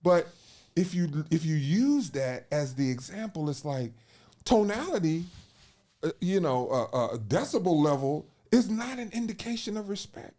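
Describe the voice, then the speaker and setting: A man hosting a casual podcast conversation, talking in an animated, thinking-aloud way with repeated fillers and restarts. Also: fairly high pitch, moderate pace. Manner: animated, lively storyteller who acts out quoted voices. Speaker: podcast host.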